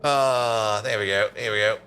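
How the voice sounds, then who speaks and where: A man's voice: on the low side, steady tone, unhurried, sharp tone, clear, resonant tone, soft background music. A tired man streaming a factory-building game, chatting and rambling as he plays, with frequent laughs and casual swearing. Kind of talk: casual gameplay commentary.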